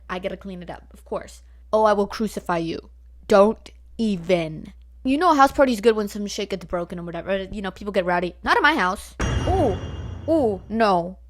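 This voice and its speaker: A nineteen-year-old woman from Northern California, ranting bluntly at home into her laptop mic, swearing freely and filling her talk with likes and rights. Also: medium pitch. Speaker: vlogger. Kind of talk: casual ranting storytime. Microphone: laptop built-in mic.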